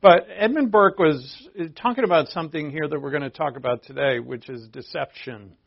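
A man's voice: on the high side, moderate pace, vocal fry. A man preaching a sermon in a conversational way, with asides to his listeners. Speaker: pastor. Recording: dull lo-fi recording.

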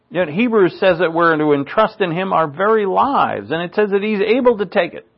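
A man preaching a sermon in an earnest manner, his pitch rising on rhetorical questions. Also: lo-fi sound.

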